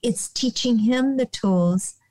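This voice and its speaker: A nonprofit director, an older American woman, guests on a podcast and gives calm advice in a slow, gentle, soothing voice of fairly high pitch. She restarts often, says "you know" a lot, and sometimes lowers to a soft whisper, all on a low-quality recording.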